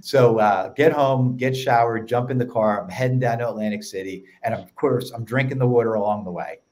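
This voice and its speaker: A man with a Philadelphia accent, a podcast guest telling stories in an energetic, casual way. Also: mid-range voice. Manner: energetic storyteller, quick run-on sentences. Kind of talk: casual chat.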